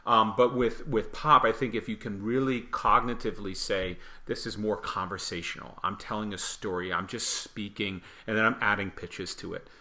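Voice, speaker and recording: A man from the Midwest talks shop in a relaxed podcast conversation, laughing easily between points. His voice sits a little low but rings with a hard, bright edge. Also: moderate pace, few pauses. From Michigan, US Midwest. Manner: chatty, laughing, slips into playful voice impressions. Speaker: guest, opera singer. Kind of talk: casual podcast chat.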